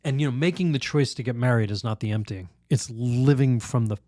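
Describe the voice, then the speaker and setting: A priest telling a lively story in a podcast interview, laughing often, acting out other people's voices, with halting restarts. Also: male voice, medium pitch, dry recording, clean studio sound. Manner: animated, laughs often, acts out quoted voices. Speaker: priest guest.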